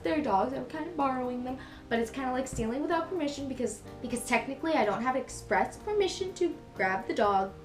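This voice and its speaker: A young woman vlogger telling a story in a casual, rambling way, full of fillers and self-corrections. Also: fairly high pitch. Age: young adult. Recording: echoey room with faint music behind.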